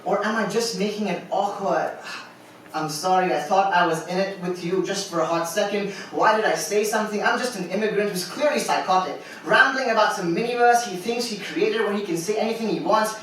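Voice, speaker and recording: A man with a high voice performs a spoken word poem at an open mic, nervous and wry as he second-guesses himself. He is heard from across a very echoey club room. A faint hiss sits under him. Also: brisk, a bit bright, distant mic. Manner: anxious, self-questioning, ironic. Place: poetry club stage, live audience.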